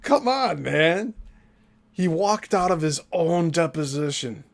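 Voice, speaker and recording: A man's voice: a little high, animated, slow pace, gravelly, slight background noise. A man hosting a show, commenting casually and mockingly on a recording and acting out the people in it. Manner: mocking, laughs, acts out quotes. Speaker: show host commenting on a clip.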